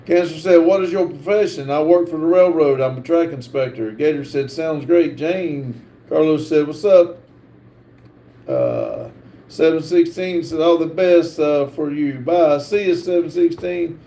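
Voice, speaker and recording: Gravelly man haltingly reading chat. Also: on the high side, lively intonation, mellow, echoey room. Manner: halting, stumbling reader with many fillers. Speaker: livestream host reading chat. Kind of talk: casual live chat, reading comments aloud.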